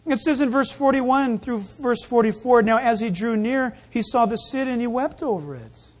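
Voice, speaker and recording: Pastor, sermon, animated delivery, playful asides, acts out scenes, mid-pitched voice. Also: normal speed.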